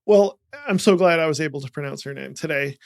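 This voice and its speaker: A man from the United States hosting a podcast, chatting casually and upbeat with quick asides. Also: fairly high pitch, vocal fry. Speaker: podcast host. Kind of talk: casual interview chat.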